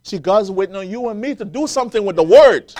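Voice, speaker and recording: A man's voice: high-pitched, expressive, quick pace, darkish tone. A man preaching a sermon, quoting scripture and building to emphatic, rising peaks as the congregation answers.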